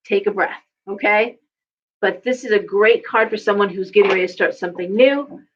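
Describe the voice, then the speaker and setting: A woman's voice: medium pitch, normal speed. Chatty woman reading tarot, lo-fi. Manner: chatty, repeats words, coaching tone. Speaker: tarot reader. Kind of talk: casual live tarot reading.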